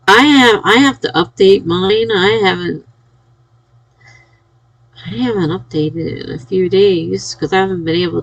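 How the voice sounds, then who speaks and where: A woman's voice: fairly low pitch, gravelly, rough recording. A sleepy, yawning woman chatting casually on a live stream, reading out and cheering viewers' chat messages. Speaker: livestreamer.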